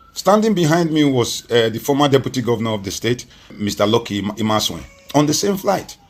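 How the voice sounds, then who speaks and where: A Nigerian man with a mid-range, slightly breathy voice appears as a political guest on a TV interview. He makes emphatic points, leaning on rhetorical repetition in his commentary.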